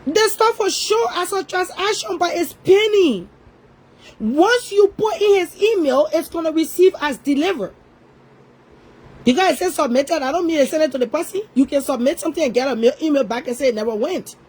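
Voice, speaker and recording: Woman, high voice; confrontational online rant, scolding and repetitive. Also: animated, normal speed, a little mellow, poor audio. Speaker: online commentator. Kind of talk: ranting social media commentary.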